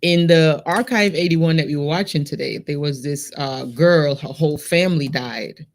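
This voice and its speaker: A woman with a Vincentian accent co-hosts a casual talk show with a low, full voice. She tells stories animatedly and talks straight to her listeners. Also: moderate pace. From Saint Vincent. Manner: animated storyteller, addresses listeners directly. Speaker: podcast co-host. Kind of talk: casual chat.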